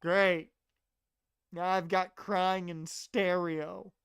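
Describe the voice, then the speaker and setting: A woman's voice: fairly low pitch, measured pace, clean tone, no echo, clean studio sound. A woman streamer playing a game, making chatty, joking asides between lines of dialogue. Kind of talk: reading game dialogue aloud, casual commentary.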